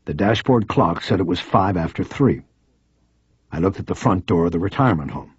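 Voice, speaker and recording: A man's voice: low voice, animated, moderate pace, breathy edge, no room sound. A man narrating a crime novel in the first person, in a terse, brooding way. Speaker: audiobook narrator. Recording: dry, slightly dull audiobook recording.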